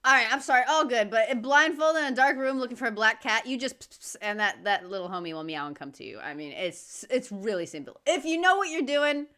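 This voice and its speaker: An American woman hosting a reaction video, commenting in a relaxed, drawling, giggly way. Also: on the high side, brisk, few pauses, clean tone.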